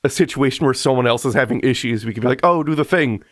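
A man's voice: mid-range voice, fast talker, dry recording, clean studio sound. A man co-hosting a podcast, chatting casually and telling stories with lots of laughter. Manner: animated, laughing storyteller. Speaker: podcast co-host. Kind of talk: casual chat.

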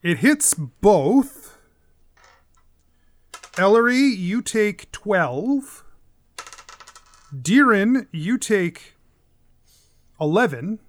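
Brief: man game master, high voice, slow measured narration, filler pauses. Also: sing-song. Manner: unhurried, often pausing with "uh".

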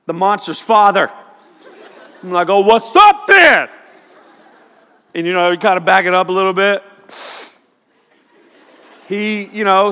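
A man preaching a sermon, telling a personal story in an animated way and sometimes shouting quoted lines. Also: sits high, clean tone. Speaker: pastor. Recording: long hall reverb.

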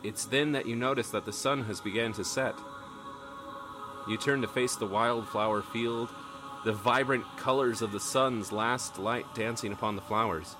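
A man's voice: medium pitch, steady tone, moderate pace, music in the background. A man narrating a tabletop role-playing game as game master, telling the story in dramatic second person.

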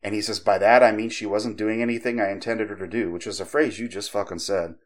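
A man hosting a podcast, casually telling a creepypasta story with profanity and lively quoted voices. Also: lowish voice, quick pace. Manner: conversational, profane, animated when quoting others. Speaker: podcast host.

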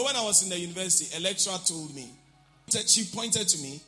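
Lively, bright-voiced preacher. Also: male voice, fast, husky, faint music behind. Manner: animated, shifts between shouts and low asides, acts out quoted voices. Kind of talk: sermon.

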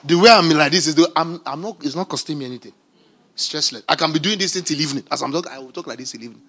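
A man who is a pastor preaches an emphatic sermon in a high, gravelly voice that sounds bright and edgy with a raspy grain. His delivery is rapid-fire, swinging between shouted declarations and quiet, conversational asides.

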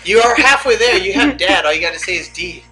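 Joking man with a lively voice. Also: sits high, brisk, heavy background noise. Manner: joking, laughs often, does mock voices. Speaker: podcast co-host. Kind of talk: casual chat.

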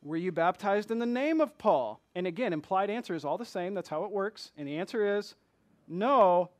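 High-voiced pastor preaching with animated swings. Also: male voice, normal speed. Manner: animated, swings from quiet asides to loud emphatic bursts; asks the congregation rhetorical questions. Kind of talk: conversational sermon.

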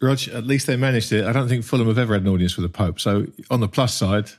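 A man's voice: fairly low pitch, steady tone, quick pace, a little mellow. A man co-hosting a casual podcast, hesitant and repeating words as he starts his sentences. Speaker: podcast co-host.

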